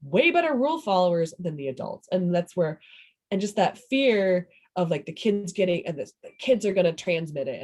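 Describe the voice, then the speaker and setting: A woman's voice: lowish voice, darkish tone. A woman, a parent talking casually in an oral history interview, rambling and breaking off her sentences. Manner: rambling, self-interrupting, laughs often.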